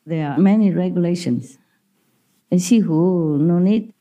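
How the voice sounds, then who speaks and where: A woman with a low voice tells stories in a chatty way, often breaking into laughter. Her English has non-native grammar, and her tone is deeply mellow and soft-edged. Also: unhurried. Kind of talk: casual storytelling talk.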